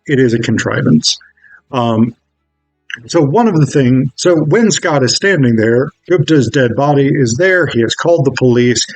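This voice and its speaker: A man's voice: mid-range voice, lively intonation, normal speed, no echo, soft background music, poor audio. A man recapping a film in a casual, rambling way, with many fillers and self-corrections. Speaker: film reviewer.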